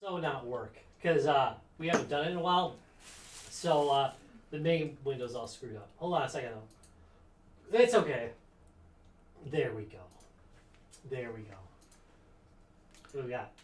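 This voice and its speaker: A man's voice: mid-range voice, moderate pace, pauses often, slight background noise. A man co-hosting a casual podcast chat, jokey and rambling, often laughing. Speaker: podcast co-host.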